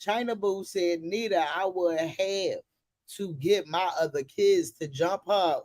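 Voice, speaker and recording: A commentator in a gossip video, reacting in a loud, profane and dramatic way. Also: medium pitch, slow, dry recording.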